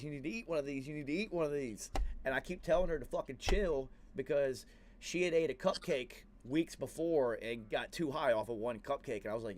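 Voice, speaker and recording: A man hosting a podcast, telling a story in a casual, slangy, profane way. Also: mid-range voice. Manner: slangy and profane, says "yo" and "dude" a lot. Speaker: podcast host.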